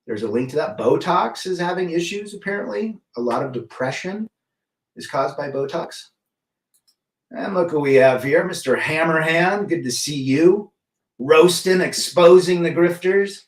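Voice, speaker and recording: A man's voice: on the high side, animated, unhurried. A middle-aged man hosting a casual livestream, giving blunt opinions and greeting chatters by name. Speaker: livestream host reading chat. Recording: roomy echo, mic at a distance.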